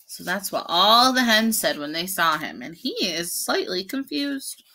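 A woman's voice: medium pitch, measured pace, a little hiss or hum. A woman, a preschool teacher, reading a picture book aloud to children and explaining the pictures as she goes. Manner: explains the pictures between pages, animated.

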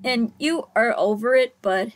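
Brief: woman reaction host, casual and hesitant, somewhat high voice. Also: unhurried. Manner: hesitant, restarts her sentences.

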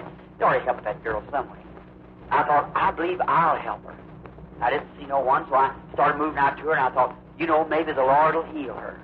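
A man preaching, telling a story with drawn-out, emphatic phrasing and acted quotes. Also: medium pitch. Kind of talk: sermon storytelling. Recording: muffled old recording, faint hiss.

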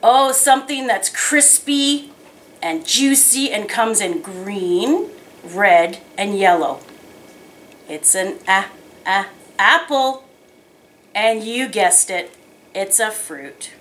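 A woman teaching little children, her voice rising and falling a lot. She talks slowly and in a sing-song way, drawing out her words and stopping to let them guess. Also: medium pitch, animated, fairly bright tone, a little hiss or hum. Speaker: preschool teacher. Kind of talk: children's lesson and picture-book reading.

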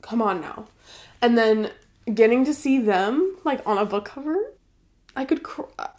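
A woman hosting her own channel, chatting to camera in a gushing, excitable way while unboxing gifts. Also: fairly high pitch, unhurried. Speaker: booktube host. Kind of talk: casual chat to camera, unboxing.

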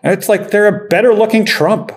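A man's voice: high-pitched, normal speed. Blunt, profane middle-aged man. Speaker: investor guest. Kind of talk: casual podcast interview.

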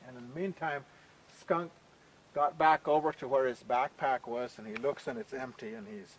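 A man telling a traditional folk tale aloud in a relaxed, conversational way, often saying "you know". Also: medium pitch, normal speed, slight background noise, low-quality recording. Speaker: storyteller. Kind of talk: oral folk storytelling.

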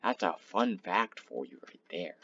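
A man's voice: low voice, big pitch swings, measured pace, creaky. Lo-fi young man rambling over gameplay. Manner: swearing, rambling, swinging between loud outbursts and mumbling. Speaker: gaming channel host. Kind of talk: casual gameplay commentary.

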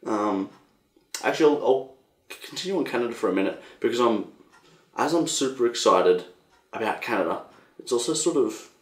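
A man's voice: medium pitch, normal speed, pauses often. Rambling young Australian man in an echoey room. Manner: rambling, animated, swears casually. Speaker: podcast host. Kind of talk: casual solo monologue.

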